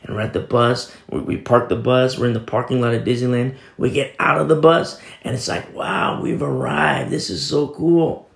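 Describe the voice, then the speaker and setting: A male pastor tells his sermon like a casual story, reading and quoting scripture along the way, in a medium-pitched, creaky voice with fairly even intonation. He talks at normal speed with hardly any pauses, and the sound is reverberant.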